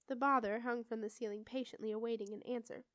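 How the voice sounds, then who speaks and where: A woman reading a children's fantasy novel aloud in steady, expressive storybook narration. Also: on the high side, fast, no room sound. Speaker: audiobook reader.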